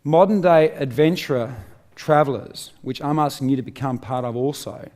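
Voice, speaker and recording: A man's voice: mid-range voice, normal speed, a little mellow. A middle-aged Australian man giving a live motivational talk on stage, driving his points home with rhetorical questions and emphatic repetition. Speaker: motivational speaker. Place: on stage before a live audience.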